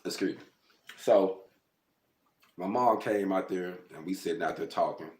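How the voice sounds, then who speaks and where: A man's voice: deep voice, unhurried, darkish tone, reverberant. A man telling his own life story in a conversational, rambling way, often calling his listeners "y'all.". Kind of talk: personal storytelling monologue.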